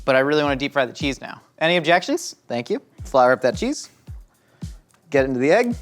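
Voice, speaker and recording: A man's voice: on the high side, racing, soft background music. A young man hosting a cooking show, joking with his crew as he demonstrates a recipe. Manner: jokey, excitable, talks to the crew.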